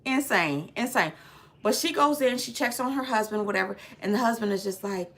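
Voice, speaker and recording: A woman's voice: medium pitch, moderate pace. A woman giving a casual, slangy movie recap, retelling the plot with lots of filler and acting out scenes as she goes. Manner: lively storyteller acting out scenes. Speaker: movie reviewer.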